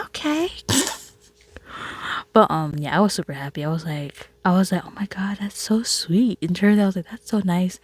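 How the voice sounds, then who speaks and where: A low, husky woman's voice telling a casual storytime, chatty and quick to laugh. She often slips into a soft whisper. The sound is close and dry, with no room around it. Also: dry recording. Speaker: vlogger.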